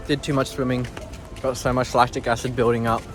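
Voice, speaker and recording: A young Australian man talking casually to the camera, chatty and relaxed, with an ordinary mid-range voice. Soft music plays faintly under him. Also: mid-range voice, fairly quick. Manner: upbeat, chatty, laid-back. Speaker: fitness vlogger. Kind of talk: casual vlog chat and training explanation.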